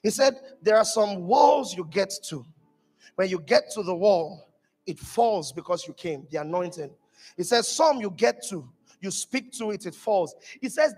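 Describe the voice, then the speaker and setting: A pastor preaching a sermon to his church, emphatic and animated, rising to shouted peaks. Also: high-pitched, normal speed, slightly rough, big-room sound. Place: church hall.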